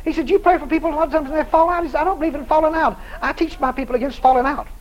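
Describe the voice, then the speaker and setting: A man's voice: very high voice, racing, rough recording. A male preacher telling a story in a sermon, acting out both sides of the conversation and often laughing as he tells it.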